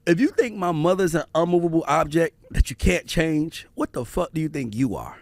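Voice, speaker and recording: Lively gravelly man hosting a chat. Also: a little high, normal speed, no room sound. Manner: animated, profane storyteller. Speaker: podcast host. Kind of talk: casual family conversation.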